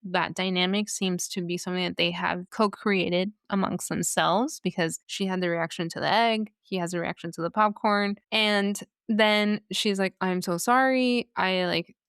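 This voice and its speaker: Smooth-voiced woman ranting casually. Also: fairly low pitch, moderate pace, few pauses, no room sound, studio quality. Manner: animated, sarcastic, rhetorical asides. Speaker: podcast host. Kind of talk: casual commentary.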